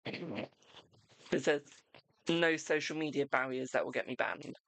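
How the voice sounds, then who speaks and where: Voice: medium pitch, fairly even intonation, slow pace, vocal fry, fairly bright tone, dry recording. A young adult tarot reader chatting bluntly and casually on a live stream. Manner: blunt, chatty, self-deprecating.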